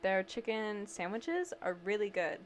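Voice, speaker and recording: A young woman in casual conversation, spinning lively, animated stories and breaking into laughter. Her voice sits at a middle pitch. A faint hiss runs underneath. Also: unhurried. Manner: animated storyteller, laughs often. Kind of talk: casual chat.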